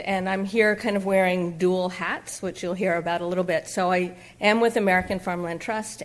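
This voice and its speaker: A woman giving a public lecture in a conversational way, with fillers and questions to the audience in a lecture room. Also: lowish voice. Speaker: guest speaker from a farmland nonprofit.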